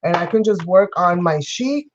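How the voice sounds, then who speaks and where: This effusive craft livestream host from New York greets and thanks her viewers by name while chatting casually as she crafts. Her lowish voice is expressive and moderately paced, though the recording is muffled with a little background noise.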